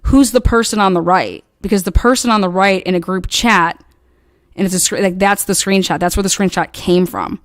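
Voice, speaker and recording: A woman casually recounting online drama in a rambling, profane way, acting out quoted lines in animated bursts. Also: mid-range voice, a little fast, dry recording, clean studio sound. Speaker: online commentator.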